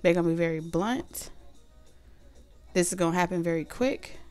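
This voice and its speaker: A woman's voice: fairly low pitch, moderate pace, darkish tone, soft background music. A woman doing a casual tarot reading, chatty and full of fillers, who says she is losing her voice. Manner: chatty, loose and repetitive with many fillers. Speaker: tarot reader.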